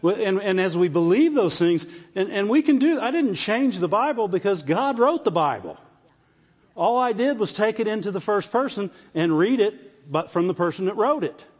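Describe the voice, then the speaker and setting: A man's voice: sits high, lively intonation, normal speed, slightly rough. Man preaching in an echoing hall. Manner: call-and-response asides, repeats phrases. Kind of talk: sermon. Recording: dull sound with long reverb in a hall.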